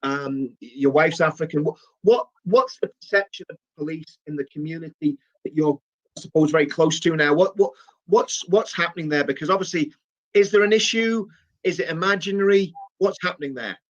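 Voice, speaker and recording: A man's voice: on the high side, a little fast. A man with a northeast English accent talking politics earnestly, repeating phrases to build his point. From northeast England. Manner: earnest, repetitive, building emphasis. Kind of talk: political talk, earnest appeal. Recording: dull lo-fi clip.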